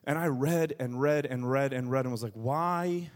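A man preaching a sermon as pastor, moving between quiet low asides and loud, high bursts of emphasis. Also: normal speed. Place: church.

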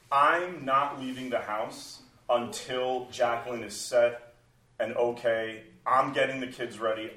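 Pastor, male, 40s, animated talker, recorded from a distance in a roomy space. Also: medium pitch. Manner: animated, acts out inner voices in quotes. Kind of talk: conversational church talk. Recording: roomy sound from a distant mic.

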